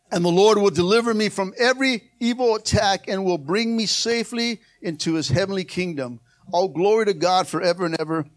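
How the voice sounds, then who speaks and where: Male pastor, high voice, emphatic call-and-response sermon delivery. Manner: emphatic, call-and-response preaching with frequent amens.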